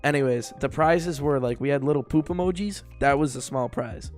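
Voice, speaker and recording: A young man co-hosting a podcast tells a rambling, casual story packed with filler words like "like" and lots of laughter. His voice is medium-pitched at a moderate pace, with soft music in the background.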